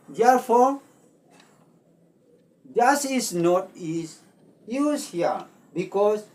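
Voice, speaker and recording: Slow teacher. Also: medium pitch, a little mellow, far from the mic. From Manipur, India. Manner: deliberate, repeats words, mixes in Manipuri phrases. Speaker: language teacher. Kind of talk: slow explanatory lesson.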